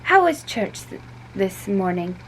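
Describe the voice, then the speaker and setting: A woman's voice: mid-range voice, big pitch swings, unhurried, slight background noise, rough recording. A woman voicing Mrs Capello, a hospitable storybook mother with a slight Italian accent. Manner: hospitable, mock-wounded.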